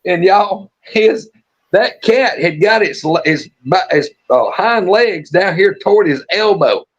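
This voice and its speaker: A high-pitched man spins a folksy, rambling yarn on a live stream. He restarts often and chuckles through the story. The audio is dull and lo-fi. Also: expressive, takes it slowly. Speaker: storytelling co-host.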